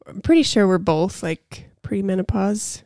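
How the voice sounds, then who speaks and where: A woman's voice: mid-range voice, lively intonation, unhurried, a little mellow, no room sound, clean studio sound. A woman in her forties co-hosting a podcast, telling a story in casual chat and acting out quoted lines. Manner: chatty storyteller, plays out quoted dialogue. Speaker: podcast co-host.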